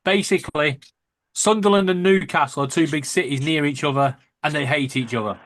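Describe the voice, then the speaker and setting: A man with a Lancashire accent chats in a slightly high voice, quick to joke and swear. The sound is close and dry, with no room around it. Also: fairly bright tone, no room sound. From Lancashire, England. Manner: swearing, jokey storyteller. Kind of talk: casual chat.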